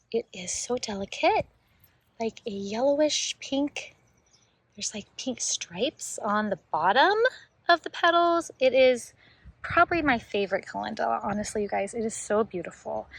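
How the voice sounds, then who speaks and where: A woman's voice: a little high, gravelly, fairly bright tone, no echo. A woman giving a casual, enthusiastic walking tour of her home vegetable garden outdoors, chatting to viewers as she films. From Northern California. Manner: chatty and enthusiastic, talks to viewers as "you guys". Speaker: homestead gardening vlogger.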